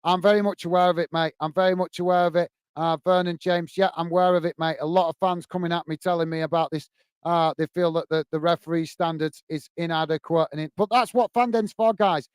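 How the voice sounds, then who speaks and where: A man with a high, smooth voice hosts a football fan live stream, reading viewer comments aloud and answering them. He sounds frustrated and emphatic, hammering the same points again and again. The sound is dry and close. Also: fairly even intonation, a little fast, no room sound. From United Kingdom. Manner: frustrated, emphatic, repeats himself. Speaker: host of a football fan channel.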